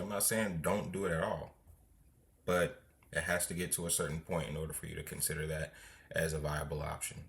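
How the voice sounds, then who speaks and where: A man hosting a podcast, offering calm, measured advice to listeners. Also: deep voice. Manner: measured, advisory. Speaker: podcast host. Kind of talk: commentary.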